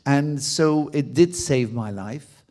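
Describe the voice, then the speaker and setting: A man's voice: mid-range voice, takes it slowly. Playful French-accented man in Q&A. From France. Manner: playful, expressive, laughs often. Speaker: guest author and actor. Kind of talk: audience Q&A conversation.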